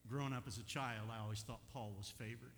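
An older man preaching a sermon as pastor, telling a personal story with animated swings from quiet asides to loud, emphatic peaks. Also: medium pitch, fast. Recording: echoey hall with faint hum.

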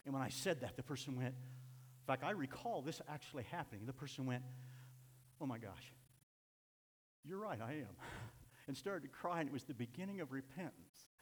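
Impassioned preacher in an echoey hall. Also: male voice, medium pitch, animated, brisk, slight background noise. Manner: impassioned, swings from shouting to hushed. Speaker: pastor. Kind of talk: sermon. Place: church sanctuary.

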